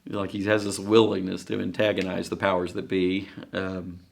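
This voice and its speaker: A man preaching a sermon in a conversational, halting way, with frequent fillers and restarts. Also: sits low, monotone, vocal fry.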